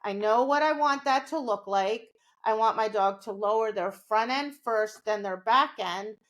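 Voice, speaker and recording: A woman's voice: fairly high pitch, a little slow, a bit bright. A woman co-hosting a podcast, explaining dog training in a casual, conversational way and often checking in with "right?".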